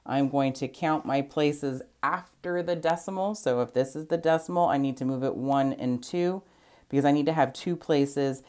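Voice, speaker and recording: Very low-voiced woman teaching math. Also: moderate pace, darkish tone. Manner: patient step-by-step explaining, counting aloud. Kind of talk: recorded math lesson.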